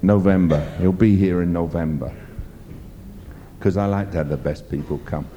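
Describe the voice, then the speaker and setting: A man's voice: deep voice, moderate pace, warm tone, lo-fi sound, a little hiss or hum. A man preaching a sermon, emphatic and rambling as he tells stories. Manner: emphatic, rambling storytelling with fillers.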